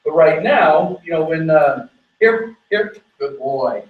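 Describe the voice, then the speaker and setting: This man is teaching dog training outdoors on location, talking through his technique between rapid commands to the dog. The sound is phone quality, and his somewhat high male voice is echoey and roomy, recorded from a distance.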